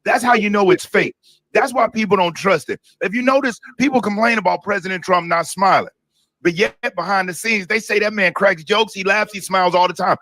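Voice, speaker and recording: A man with a notably high, bright voice talks through political clips on a live stream. He explains his opinions in a casual, steady way, and his voice sounds close and dry. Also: fairly quick, dry recording. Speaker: co-host of a live commentary stream.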